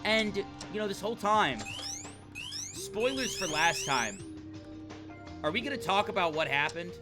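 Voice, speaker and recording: Excitable young man streaming a game. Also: high voice, unhurried, music in the background. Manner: excitable, swearing, riffing to chat. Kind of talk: gaming livestream commentary.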